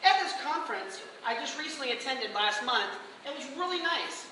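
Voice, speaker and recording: Guy doing a funny contest speech, lively and bright, big echoey hall far off. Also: very high-pitched, moderate pace, a little hiss or hum. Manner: storytelling, animated, playful. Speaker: contest speaker. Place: hall with audience.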